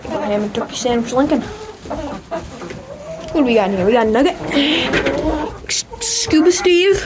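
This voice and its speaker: High-voiced woman cooing to her chickens. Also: animated, unhurried, long pauses. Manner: playful baby talk to pets. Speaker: backyard chicken keeper. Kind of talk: casual vlog chatter to her chickens. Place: outdoor chicken coop. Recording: noisy coop with clucking hens. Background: chickens clucking.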